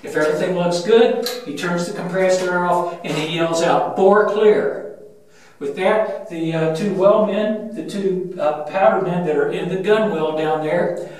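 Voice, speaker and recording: An older man working as a museum ship guide, walking through the loading steps with frequent uh-fillers and a steady, methodical explanation. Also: moderate pace, slight background noise. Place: inside a steel gun turret on a battleship. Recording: booming metal-room echo, mic at a distance.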